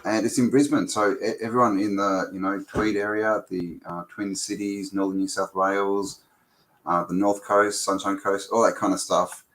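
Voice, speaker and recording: A man hosting a casual live stream chat, greeting viewers by name in a relaxed, chatty way. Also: fairly low pitch, normal speed, slight background noise, poor audio. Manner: relaxed and chatty, reads out viewer names, with fillers.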